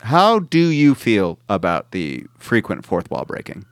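A man's voice: fairly low pitch, huge pitch swings, unhurried, clear, resonant tone, no echo, studio quality. A man co-hosting a casual podcast, rambling with lots of fillers and restarts. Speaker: podcast co-host. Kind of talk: casual chat.

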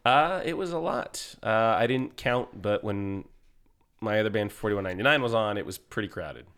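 A man's voice: fairly low pitch, expressive, normal speed, fairly bright tone, clear, resonant tone. A man hosting a podcast in casual banter, recovering from a cold, jokey and rambling. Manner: jokey, rambling, laughs often. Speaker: podcast host.

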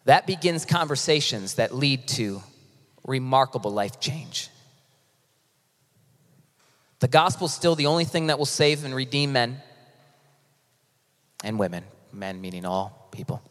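A man preaching as pastor in a casual, impassioned sermon that swings between loud and hushed, with frequent restarts. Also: mid-range voice, animated, moderate pace. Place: church sanctuary. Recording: long reverb of a large hall.

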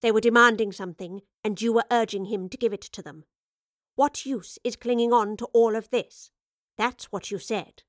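Stern, guarded woman professor, read by a woman, clipped lines, higher register. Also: fairly even intonation, normal speed, no echo, clean studio sound, close to an everyday voice.

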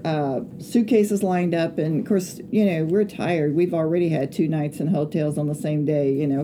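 A woman's voice: low voice, warm tone, a little hiss or hum. A middle-aged woman, a pastor's wife, telling a rambling story in casual chat, with many hesitant fillers.

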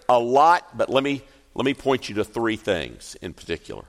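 A male pastor preaching a sermon, telling the story expressively and slowing down for emphasis. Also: mid-range voice, very animated, a bit bright. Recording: echoey hall reverb.

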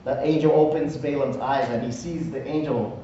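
A man's voice: mid-range voice, moderate pace, dark tone, lo-fi sound, a little hiss or hum. Man preaching in an echoey room, far off. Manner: conversational, asks "right?" often. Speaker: pastor. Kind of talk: sermon.

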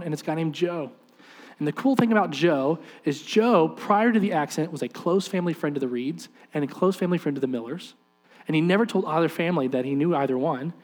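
A man delivers a sermon as a story, his voice sitting a little higher than most men's. He acts out the people in the story as he goes. He turns often to urge the listeners directly. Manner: animated storyteller acting out quoted voices. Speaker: preacher.

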